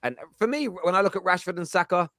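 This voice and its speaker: Bright, animated man. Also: sits high, fast talker, dry recording. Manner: animated, teasing. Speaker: panel host. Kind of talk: casual football chat.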